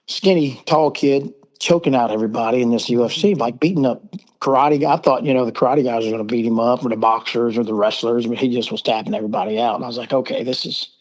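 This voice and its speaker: A man's voice: mid-range voice, fast, darkish tone. Rambling Southern man, muffled call audio. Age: middle-aged. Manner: rambling, acts out quoted dialogue. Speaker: podcast guest. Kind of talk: casual storytelling. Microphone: remote call.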